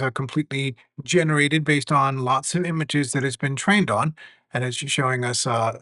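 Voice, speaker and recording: A man teaching a lesson about AI tools with a live demo, measured and earnest. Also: mid-range voice, fairly bright tone, no room sound. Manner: measured, earnest, some fillers.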